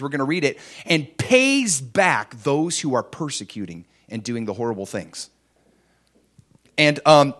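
Middle-aged male pastor, sermon delivery, impassioned with big loud-to-hushed swings, slightly high pitch. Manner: impassioned, swings between loud emphasis and soft hushed lines. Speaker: preacher.

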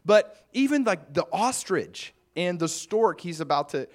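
Male pastor, conversational sermon, animated lilting delivery. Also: high voice, a little slow. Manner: chatty, musing, with asides to the congregation.

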